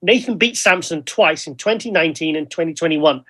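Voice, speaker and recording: A British man co-hosting a casual chat, rambling and lively as he tells stories. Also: fairly high pitch, brisk. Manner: chatty, rambling, lively storytelling. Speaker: co-host.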